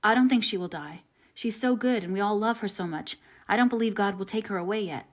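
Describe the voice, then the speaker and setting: A warm, boyish teenage friend from a classic story, voiced by a woman narrator without changing her voice much. He speaks earnestly and hurries his words when eager. A straightforward audiobook reading. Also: mid-range voice, fairly quick, close to an everyday voice. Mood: comforting. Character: kind, boyish teenage boy, teasing friend.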